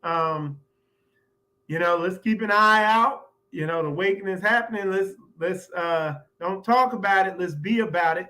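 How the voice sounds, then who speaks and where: A man's voice: high-pitched, normal speed, bright, forceful tone, low-quality recording. A man hosting his own show, talking in a loose, chatty commentary monologue with laughs and filler phrases. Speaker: host.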